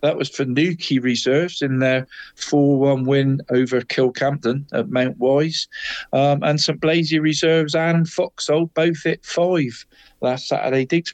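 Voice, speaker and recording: A man's voice: mid-range voice, no echo. A man co-hosting a football radio show, running through local league results in a chatty way, saying "mate" all the time and laughing at his own slips. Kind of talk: casual sports results chat.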